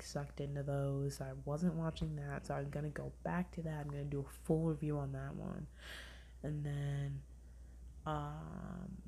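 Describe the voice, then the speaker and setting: A young woman with a low, husky voice hosts a podcast, rambling through a casual review chat. She uses "like" heavily and retells things in an animated way.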